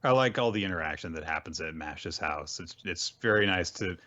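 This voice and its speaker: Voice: sits low, animated, a little fast, pushed and bright, highs cut off. A podcast co-host chatting casually and enthusiastically about a comic chapter. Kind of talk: casual chat.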